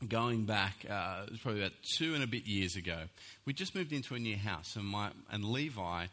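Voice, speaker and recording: A man's voice: lowish voice, a little fast. A man, preaching a sermon and telling a story with acted-out voices. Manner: animated storytelling, acts out voices. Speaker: pastor.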